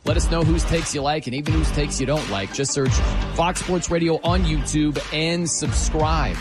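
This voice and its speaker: A man hosting a sports talk radio show in an animated, chatty way, putting questions to his co-host. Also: medium pitch.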